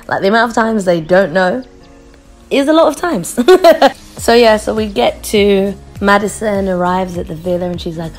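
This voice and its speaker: A woman casually recapping a TV episode, chatty and quick to laugh, mimicking the people she quotes. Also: mid-range voice, faint music behind. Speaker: vlogger reviewing a TV show.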